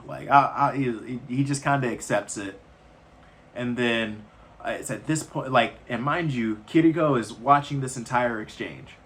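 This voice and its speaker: A man's voice: medium pitch, unhurried, a bit bright. Casual man rambling through a movie recap. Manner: loose, rambling retelling with slangy asides. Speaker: movie reviewer.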